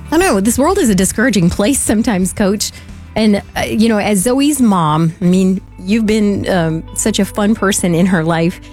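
A woman co-hosting a radio fundraising appeal, talking earnestly and warmly about her family. Faint music runs under her voice. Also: mid-range voice, animated, normal speed. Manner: earnest and heartfelt, laughs easily. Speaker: radio fundraiser co-host and parent. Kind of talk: on-air fundraising appeal, personal story.

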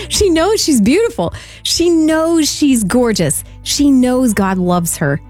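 A woman co-hosting a radio fundraising appeal, talking earnestly and warmly about her family. Faint music runs under her voice. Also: high voice, sing-song, slow. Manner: earnest and heartfelt, laughs easily. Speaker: radio fundraiser co-host and parent. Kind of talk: on-air fundraising appeal, personal story.

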